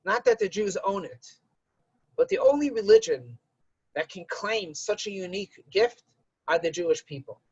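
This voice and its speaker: A man gives a religious lesson as a rabbi, telling stories in a loose conversational way. His pitch swings widely and his voice has a gravelly edge. The recording is dry and somewhat dull. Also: normal speed, dry recording. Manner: conversational, animated storytelling.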